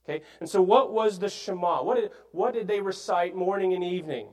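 A man preaching a sermon, explaining scripture earnestly with frequent pauses, fillers and restarts. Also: high-pitched, a little mellow, low-quality recording.

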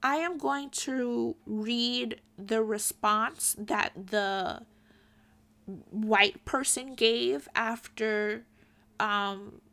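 A woman's voice: mid-range voice, vocal fry, pushed and bright. A young woman giving an earnest, pointed opinion commentary straight to her viewers. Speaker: commentary vlogger.

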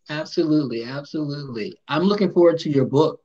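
A man hosting a casual interview, joking around in a playful, animated way. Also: a little high, breathy edge, dull audio. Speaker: host.

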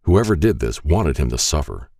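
A man's voice: very deep voice, very animated, normal speed, mellow, no room sound, clean studio sound. A man narrating a first-person story in an earnest, reflective way.

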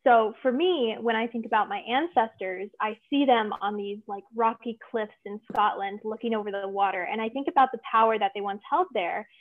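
A woman's voice: fairly high pitch, brisk, few pauses. Young woman on a tinny phone-like line. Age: young adult. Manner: earnest, many fillers and "like". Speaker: guest, tarot reader and witch. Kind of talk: casual interview chat.

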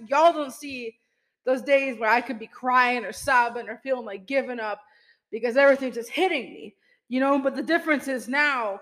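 With a mid-range, somewhat bright voice, this podcast host gives listeners an emphatic motivational pep talk, calling them "y'all" and frequently dropping "you know" and mild swear words. The recording is low quality.

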